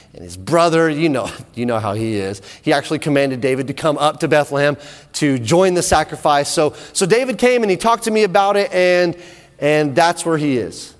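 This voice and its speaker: Man voicing a loyal young prince, high voice, hesitant then indignant, reverberant hall. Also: natural voice. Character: loyal young prince, male, defends friend.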